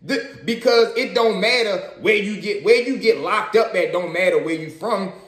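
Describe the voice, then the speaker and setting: Young baltimore dude telling stories, slangy and cussing, highish voice, echoey room. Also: male voice, normal speed. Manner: slangy, animated, swears. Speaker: storyteller vlogger. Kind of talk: casual storytelling.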